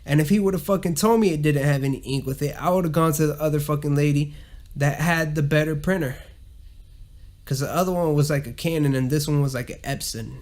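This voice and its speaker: A man's voice: on the high side, fairly quick, a little mellow. A man with a Southern US accent, hosting a podcast and ranting profanely in a casual monologue. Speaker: podcast host.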